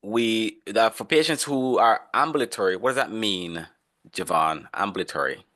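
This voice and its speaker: Low-voiced man teaching an online class. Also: moderate pace, sharp tone. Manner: questions students by name, conversational. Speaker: instructor.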